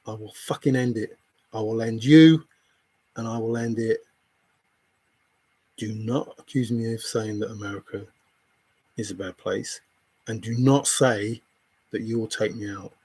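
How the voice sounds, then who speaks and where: A man's voice: on the low side, darkish tone, slightly rough. A man livestreaming, confronting a viewer in chat with an angry, repetitive, swearing rant.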